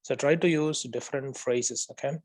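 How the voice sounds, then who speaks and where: Going through a student's role play, this male OET tutor corrects each mistake in turn, says the right phrasing again, and checks in often with "okay?". His voice is medium in pitch and darkish, steady and moderately paced. A little background noise is audible.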